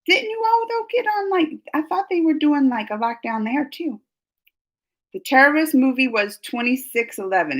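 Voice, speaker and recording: Woman, live-stream host, casual chat, high voice, bright, rambling, answers viewer comments. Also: low-quality recording.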